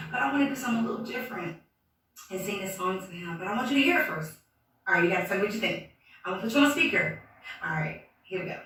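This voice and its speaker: A woman's voice: mid-range voice, fairly bright tone, distant mic. A woman hosting a comedic morning advice show, sassy and chatty, calling everyone honey. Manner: sassy, calls listeners "honey". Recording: very echoey, off-mic, faint noise.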